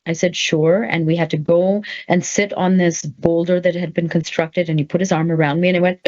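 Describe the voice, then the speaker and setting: A middle-aged woman from Canada recounts a story casually. Her voice sits a little low, but she leaps up high and breathless when quoting her own thoughts. The recording is slightly dull and lo-fi. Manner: animated storyteller, quick swings into high excited voice for quoted thoughts. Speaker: actor and author telling her story. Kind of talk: casual anecdote.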